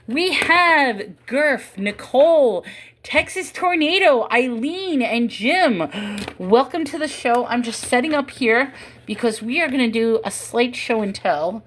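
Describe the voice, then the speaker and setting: A woman's voice: fairly high pitch, expressive, slow, fairly bright tone, a little hiss or hum. A woman hosting a casual livestream from home into her phone, rambling to viewers and chatting to her cat. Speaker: livestream host.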